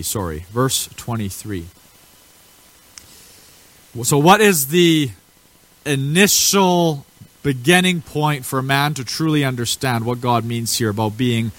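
A man preaching a sermon to a group of men, talking casually and then rising to forceful, emphatic declarations. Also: mid-range voice.

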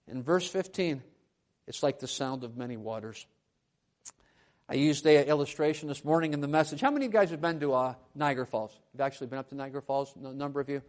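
A man preaching a sermon at a church lectern, moving between quiet conversational asides and loud, emphatic proclamations. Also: fairly high pitch, brisk. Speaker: pastor.

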